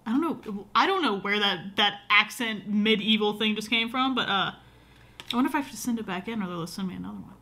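In a mid-range voice with a sharp edge, a young woman chats fairly quickly in a casual vlog at home. The camera sits on a short tripod, and her talk wanders, packed with fillers.

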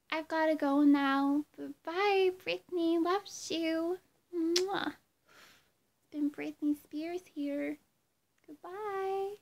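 A woman's voice: high voice, voice pushed up, exaggerated voice. A woman doing an impression of a flirty, doting pop-star woman who cooes, blows kisses and talks about herself by name.

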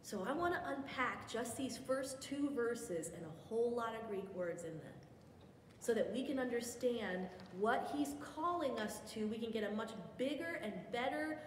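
A woman's voice: on the high side, a little hiss or hum. A woman teaching a women's Bible study lesson in a church hall. She explains step by step, with chatty asides and self-corrections. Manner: explanatory, guiding listeners step by step. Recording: echoey hall with faint background ambience.

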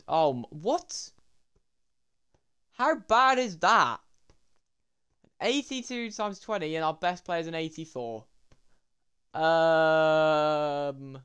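A young man, commentating his game pack openings in an excitable way and talking to viewers as lads and boys. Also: on the high side, clear, resonant tone. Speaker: gaming YouTuber.

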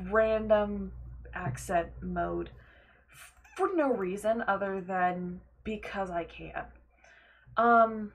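A young woman live-streaming a game, chatting loosely to her viewers with lots of fillers and quick laughs. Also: mid-range voice. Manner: rambling, filler-heavy, laughs often, talks to chat. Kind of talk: casual gameplay live stream chat.

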